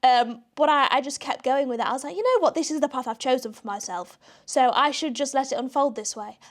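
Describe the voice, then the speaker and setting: A woman's voice: sits high, fairly quick. A young British woman with a British accent, hosting a podcast in a chatty, self-deprecating manner, often laughing at herself. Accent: British English. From Britain. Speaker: podcast host. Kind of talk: casual chat.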